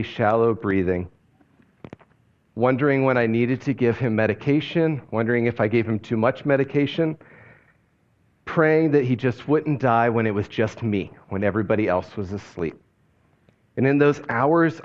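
A man preaching a sermon, speaking slowly and quietly, often dropping his voice low on key phrases. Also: lo-fi sound. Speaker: pastor.

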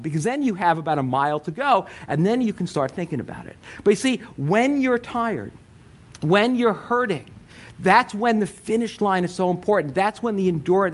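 A middle-aged man preaching a sermon as pastor, conversational and playful, with frequent asides. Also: sits high.

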